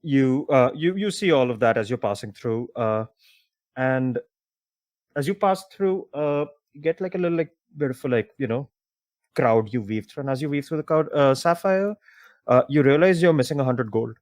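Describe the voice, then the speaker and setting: A man narrating a tabletop game as game master, halting with many fillers. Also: mid-range voice, animated, a little mellow, dry recording, clean studio sound.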